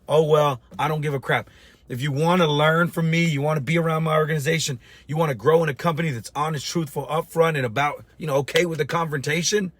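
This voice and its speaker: Blunt, fired-up man with a higher voice. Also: dry recording. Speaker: business coach. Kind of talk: blunt motivational rant to camera.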